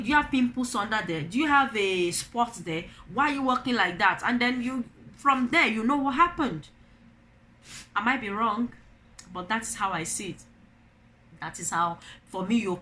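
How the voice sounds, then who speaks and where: A middle-aged Nigerian mother talks to the camera in an opinion vlog, her mid-range voice bright and forceful. She tells stories animatedly and poses rhetorical questions, with slight background noise audible.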